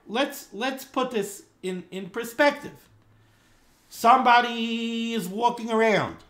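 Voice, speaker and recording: A man's voice: sits high, a bit bright, roomy sound. A man teaching a Torah class, speaking in an emphatic, repetitive way and asking rhetorical questions.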